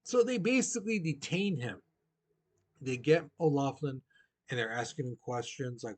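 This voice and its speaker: A man's voice: medium pitch, animated, moderate pace, a little mellow. A man teaching a recorded history lesson in a casual, chatty way, full of "you know" and direct questions to his students.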